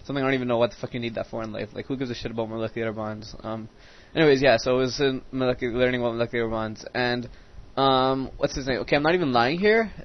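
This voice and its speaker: A man's voice: mid-range voice, fast talker. A teenage boy giving casual commentary over a strategy game, rambling, swearing freely and drifting off into side stories. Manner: rambling, profane, easily sidetracked. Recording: dull lo-fi recording.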